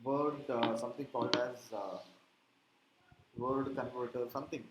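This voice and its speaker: A man's voice: medium pitch, steady tone, moderate pace, echoey room, background noise. A man teaching digital marketing in a classroom, explaining through rhetorical questions and frequent checks like "correct?". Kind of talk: classroom lecture.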